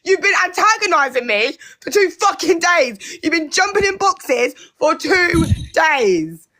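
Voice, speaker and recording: Casting: British woman, high voice, furious and swearing in a live argument, talks over people. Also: very animated, a little slow, sharp tone. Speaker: live stream guest. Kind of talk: heated argument.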